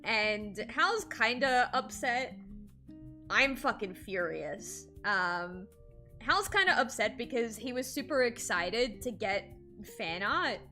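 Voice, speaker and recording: A woman artist chatting casually on a livestream while drawing, animated and swearing freely, with frequent laughs. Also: on the high side, slow pace, soft background music. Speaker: streamer and artist.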